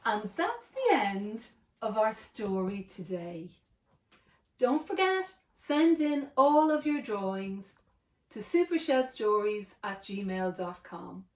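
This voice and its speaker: Expressive woman narrator reading a storybook, slow and sing-song, fairly high, roomy echo.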